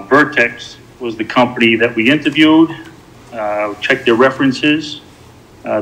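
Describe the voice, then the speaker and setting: A man's voice: mid-range voice, a bit bright, poor audio. Plainspoken man briefing a city committee. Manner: plainspoken, explains step by step with many uh fillers. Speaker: city wastewater superintendent. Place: city council meeting room.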